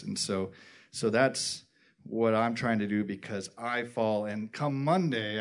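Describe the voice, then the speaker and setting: Rambling, halting man with a lowish voice. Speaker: group discussion member. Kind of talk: casual faith discussion.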